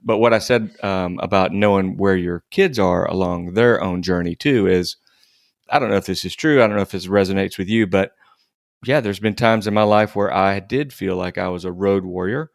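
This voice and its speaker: A middle-aged man co-hosting a podcast who talks things through slowly and reflectively. His voice is low, with a gravelly edge. The recording is dry and close-miked. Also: no echo. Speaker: podcast co-host. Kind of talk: casual faith-based podcast chat.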